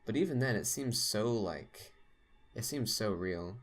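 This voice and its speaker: A man's voice: lowish voice, lively intonation, measured pace. A young man telling a long story in casual podcast chat, rambling with lots of fillers. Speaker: podcast co-host.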